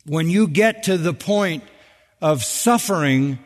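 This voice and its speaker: A man's voice: fairly high pitch, expressive, unhurried. An older man preaching a sermon from the pulpit, emphatic and building to urgent peaks on key phrases. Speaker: pastor. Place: large church. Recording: long reverb of a church sanctuary.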